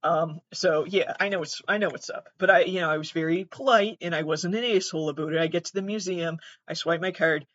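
A woman's voice: fairly low pitch, a little fast, hardly any pauses, fairly bright tone, dry recording, highs cut off. A young adult woman hosting a podcast, telling a rambling, self-deprecating story full of swearing and restarts. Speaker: podcast host. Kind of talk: casual storytelling monologue.

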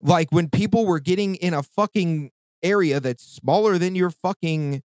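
A man's voice: high-pitched, normal speed, a little mellow, no echo. A man in his thirties, hosting a podcast in casual chat and telling a story in a heated, profane rant. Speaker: podcast host.

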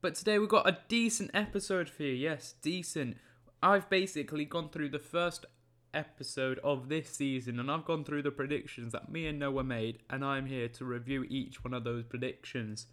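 A young man, hosting a casual solo football podcast in a rambling, jokey way with quick self-corrections. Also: a little high, fairly even intonation, fairly bright tone.

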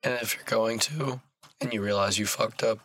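A man's voice: lowish voice, moderate pace, a bit bright. A man hosting a podcast in casual chat, blunt, repeating words and swearing freely.

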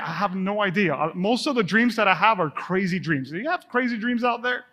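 A man's voice: sits high, expressive, brisk, hardly any pauses, bright, forceful tone. A man preaching a sermon as pastor of his church, passionate and conversational, sometimes dropping his voice to a whisper. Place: church sanctuary. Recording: long reverb of a church hall.

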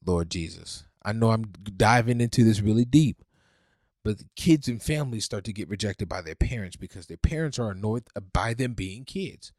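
Male podcast preacher, fervent, loud peaks to soft pleas, dry close sound. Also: lowish voice, animated, normal speed, no room sound. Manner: fervent, swings from loud preaching to hushed pleading. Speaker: podcast host.

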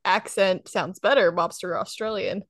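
This podcast host, a young woman, keeps the talk casual and chatty, laughing often and quickly. Her voice sits in the mid-range, captured in studio quality without room sound.

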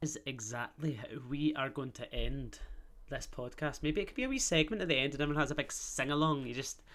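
A man's voice: medium pitch, fairly quick, fairly bright tone. A man with a Glaswegian accent hosting a casual podcast, rambling on with swearing and self-mocking banter. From Scotland. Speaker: podcast host. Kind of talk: casual solo podcast chat.

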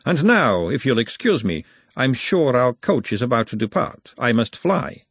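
A man's voice: mid-range voice, sing-song, moderate pace, slightly rough, dry recording. A man voicing a refined, clever middle-aged woman who speaks in a precise, formal way, her voice set well above his own. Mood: cool, amused.

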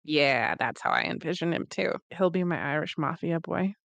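A woman co-hosting a podcast in casual chat, blunt and quick to laugh, swearing freely. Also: low-pitched, creaky, fairly bright tone, no echo. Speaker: podcast co-host. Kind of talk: casual book-club chat.

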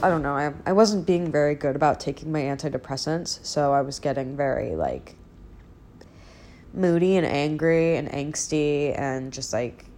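Low-voiced woman rambling candidly. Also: darkish tone. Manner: candid, self-deprecating, rambling with fillers and profanity. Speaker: podcast host. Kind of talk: casual solo chat. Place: old apartment, indoors.

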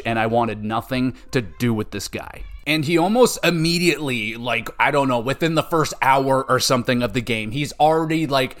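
A man hosting a gaming podcast, giving a casual, profane and animated review with mocking impressions. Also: mid-range voice, moderate pace. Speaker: podcast host. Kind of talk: casual game review chat.

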